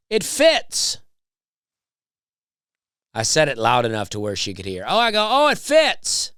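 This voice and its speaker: Smooth baritone man telling a story. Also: fairly bright tone, dry recording, studio quality. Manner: chatty and rambling, with wry asides. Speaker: comedian and podcast host. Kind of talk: casual storytelling monologue.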